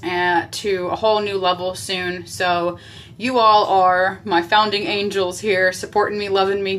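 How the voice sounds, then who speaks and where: A woman's voice: mid-range voice, fairly bright tone. A woman chatting on a live makeup stream from a small basement bathroom, talking into a phone camera and answering viewer comments as she goes. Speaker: makeup livestreamer. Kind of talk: casual live-stream chat.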